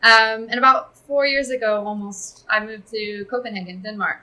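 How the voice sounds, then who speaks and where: A woman's voice: on the high side, fairly even intonation, moderate pace, sharp tone, poor audio. A woman from California, a guest on a business podcast, explaining her company's work fluently and upbeat in casual chat. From California, USA.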